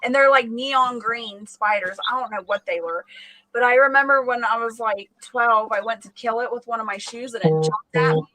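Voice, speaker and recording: A woman's voice: fairly high pitch, moderate pace, poor audio. A woman hosting a casual live chat, telling funny everyday stories with lots of laughter. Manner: giggly, animated storytelling. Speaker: channel host.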